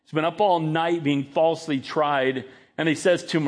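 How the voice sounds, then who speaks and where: High-pitched guy preaching, emphatic, dramatic storytelling. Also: fairly even intonation, moderate pace. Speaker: pastor. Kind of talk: sermon.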